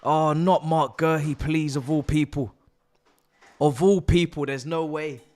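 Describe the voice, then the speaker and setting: A young man hosting a live football watch-along, excitable and swearing, shouting at the players. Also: fairly high pitch, unhurried. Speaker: live stream host.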